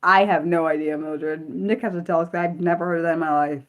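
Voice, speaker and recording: A woman from the United States hosting an unscripted livestream, chatting excitably and reacting to viewer comments. She often restarts her sentences, blurts out exclamations and lets slip mild curses. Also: lowish voice, fast, highs cut off. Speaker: livestream host.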